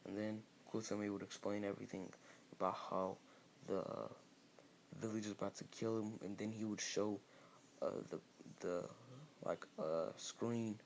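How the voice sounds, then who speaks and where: Gravelly low-voiced man telling a fan story. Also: steady tone, normal speed, a little hiss or hum. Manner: rambling, with many fillers and restarts. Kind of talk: casual improvised story narration.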